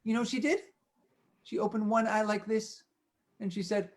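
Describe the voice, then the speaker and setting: A man's voice: sits high, normal speed, long pauses. A man leading a children's music session, telling a playful story and asking the kids questions. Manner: animated, question-and-answer with kids.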